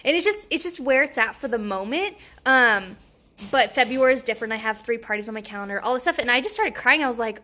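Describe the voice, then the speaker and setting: A young woman chatting casually to camera in a personal vlog, excitable and quick to laugh, with lots of fillers. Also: on the high side. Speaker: vlogger.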